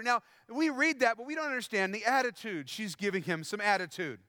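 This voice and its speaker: High, bright-voiced male preacher. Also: lively intonation, brisk, dry recording, studio quality. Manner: conversational, quizzes the congregation. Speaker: pastor. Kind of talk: sermon.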